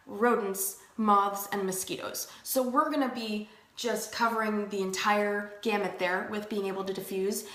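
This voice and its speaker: A woman's voice: mid-range voice, reverberant. A woman hosting a casual home talk on essential oils, chatty and reassuring, with lots of fillers. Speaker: host of an essential oil show. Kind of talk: casual live-stream talk.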